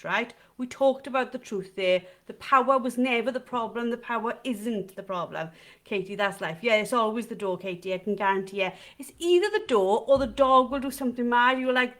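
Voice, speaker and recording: A woman's voice: a little high, a bit bright. A middle-aged woman, hosting a casual live stream about dog training and chatting with viewers. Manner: chatty, addresses viewers in comments, frequent "right?".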